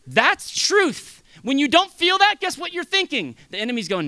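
Animated, bright-voiced male preacher. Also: high-pitched, a little fast, no echo. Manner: animated, swings between loud bursts and hushed asides. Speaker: pastor. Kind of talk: sermon.

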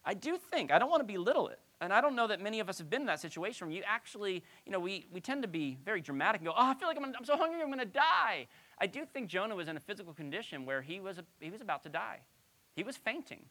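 A woman's voice: fairly low pitch, expressive, fast, a bit bright. A woman pastor giving a conversational Bible-teaching sermon, asking her listeners rhetorical questions.

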